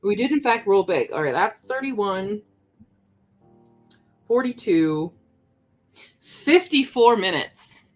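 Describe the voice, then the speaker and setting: A woman's voice: medium pitch, big pitch swings, slow pace, pauses often, faint music behind, poor audio. A young woman chatting casually with her stream viewers while she works on a craft project, reading chat aloud as she goes.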